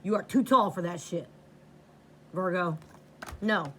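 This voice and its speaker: A woman's voice: lowish voice, a little slow, sharp tone, a little hiss or hum. A woman giving a tarot reading to camera, blunt and profane, repeating lines for emphasis. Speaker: tarot reader.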